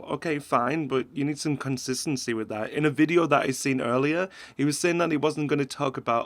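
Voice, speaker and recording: A man's voice: fairly high pitch, fairly quick, hardly any pauses, fairly bright tone, no echo. A man giving casual satirical reaction commentary in a sarcastic tone, often laughing between remarks. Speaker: commentary host.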